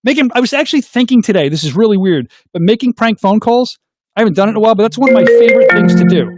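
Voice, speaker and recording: Casting note: goofball male call-in host, quick and high. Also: dry recording, clean studio sound, faint music behind. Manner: goofy, excitable, makes silly sound effects. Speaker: host of a call-in livestream show. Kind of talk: casual call-in chat.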